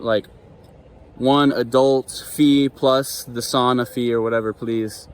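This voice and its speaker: A man's voice: medium pitch, little pitch movement, unhurried, clear, resonant tone. A young man vlogging, telling a story to camera in a casual, profane way full of "like" and "dude". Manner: laid-back, profane, heavy on "like" and "dude".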